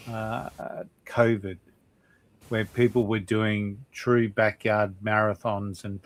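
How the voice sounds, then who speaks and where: A man's voice: fairly low pitch, fairly bright tone, no echo. A man on a podcast in casual chat, playfully grumpy and exasperated. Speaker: podcast guest. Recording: dry close sound.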